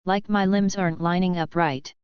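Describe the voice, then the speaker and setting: A woman's voice: fairly low pitch, fairly even intonation, moderate pace, clean tone, no echo, dull audio, lightly acted. A woman reading a rattled young woman fighter. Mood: tense. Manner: tense, rattled.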